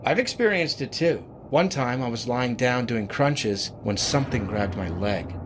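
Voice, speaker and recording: A man's voice: medium pitch, animated, measured pace, noisy background, voice pushed up, lightly acted. A man voicing a worried male gym client who speaks in an earnest, confiding way.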